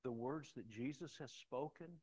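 A man's voice: medium pitch, normal speed, mellow, breathy edge, low-quality recording. Conversational pastor man. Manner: conversational storytelling, emphatic at points. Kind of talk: sermon with personal stories.

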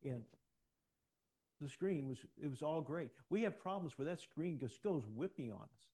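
A man's voice: a little high, animated, normal speed, dark tone, breathy edge. A man preaching a sermon to his congregation, emphatic and exhorting, repeating his key phrases. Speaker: pastor.

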